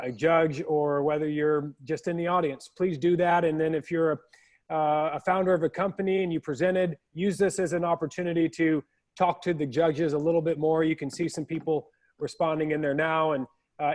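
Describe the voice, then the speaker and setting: Upbeat higher-voiced male host. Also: fairly even intonation, brisk, a little mellow. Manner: upbeat, friendly, informal. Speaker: host of a pitch competition. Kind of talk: emceeing an online event.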